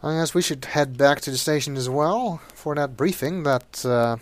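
A man's voice: on the high side, moderate pace, no room sound. A man commentating a game playthrough and reading its text, with dry, wry asides. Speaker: let's play narrator.

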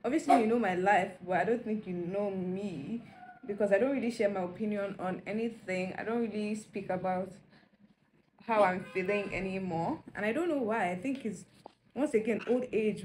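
A young woman with a medium-pitched, slightly mellow voice vlogs from home at a moderate pace, chatting candidly and rambling directly to her viewers. There's slight background noise.

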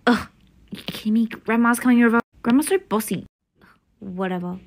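A woman's voice: fairly high pitch, fairly quick. A woman voicing a bratty teenage older sister in a toy-game role-play. The sister sounds sulky and sarcastic. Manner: sulky, sarcastic and eye-rolling.

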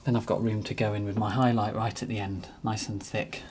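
A man narrating a painting demonstration as he works, relaxed and thinking aloud. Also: fairly low pitch, fairly quick, background noise. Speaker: painting teacher.

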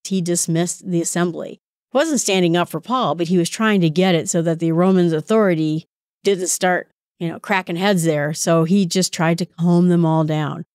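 Chatty woman with a lowish voice. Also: a little mellow, dry recording, studio quality. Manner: chatty, conversational, with asides and self-corrections. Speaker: Bible study podcast host. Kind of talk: casual Bible commentary.

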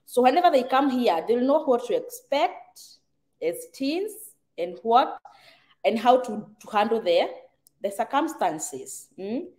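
A woman's voice: a little high, very animated, measured pace, a little mellow. Chatty Kenyan woman hosting a livestream. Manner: chatty, laughs often, slips into Swahili phrases. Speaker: livestream host reading viewer comments. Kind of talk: casual live chat.

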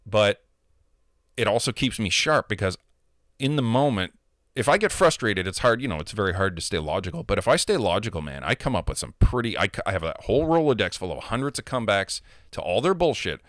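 A man's voice: fairly low pitch, sing-song, brisk, fairly bright tone, no room sound, clean studio sound. A man, a gamer, ranting casually and heatedly about online trolls, profane and emphatic. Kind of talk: casual rant.

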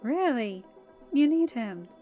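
A woman voicing a kind young stallion pony in a storybook reading. He talks softly and reassuringly. Dull lo-fi sound and faint music. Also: on the high side, big pitch swings, slow pace. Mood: gentle.

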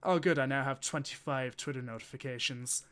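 A man's voice: mid-range voice, a little fast, fairly bright tone. A man, chatting and swearing casually as he thinks aloud while playing a game on stream. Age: 20s. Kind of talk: casual gameplay commentary.

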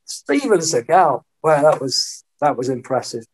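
A middle-aged man, a podcast guest telling lively anecdotes in casual conversation and acting out the voices he quotes. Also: a little high, a little slow, a little hiss or hum. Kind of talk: storytelling in a casual interview.

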